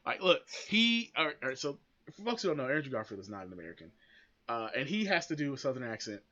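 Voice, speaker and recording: A man's voice: medium pitch, big pitch swings, quick pace, lo-fi sound, a crowd in the background. A man hosting a podcast, giving blunt, opinionated commentary that rambles with frequent restarts and free swearing. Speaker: podcast host.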